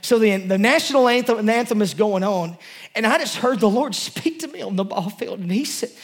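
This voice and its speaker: A man's voice: high voice, lively intonation, brisk. A male pastor preaching a sermon to his congregation, passionate and emotional, talking in a loose, conversational way with many restarts. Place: church service before a congregation.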